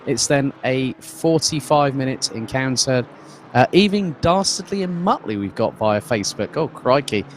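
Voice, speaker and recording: Man, sim race commentary, chatty with restarts, mid-pitched voice, faint noise behind. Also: expressive, moderate pace. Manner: conversational, fillers and restarts, reads out viewer comments. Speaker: lead commentator.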